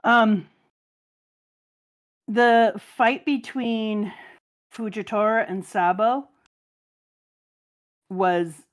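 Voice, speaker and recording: Animated, laughing woman chatting on stream. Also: a little high, drawn-out words, pauses often. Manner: animated storyteller, laughs often. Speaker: stream guest and mother. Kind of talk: casual chat.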